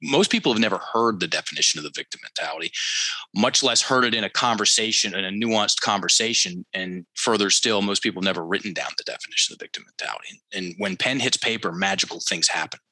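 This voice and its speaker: A man with a low, forceful, sharp-edged voice, telling a story as a podcast guest. He leans on key phrases and repeats them for emphasis. He turns to the listeners like a teacher. The sound is dry and close. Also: fast, no echo, rough recording. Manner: addresses listeners directly, teacherly. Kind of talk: conversational storytelling.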